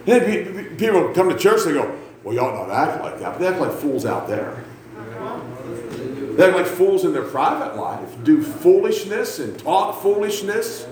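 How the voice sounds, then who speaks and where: A man in his fifties preaches with a rowdy, self-mocking energy, his voice sitting a bit high and swinging widely between low asides and sudden shouts. He is heard in an echoey church with a faint hum of ambience behind him. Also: big pitch swings, normal speed, crowd noise. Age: 50s. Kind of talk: sermon. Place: church sanctuary.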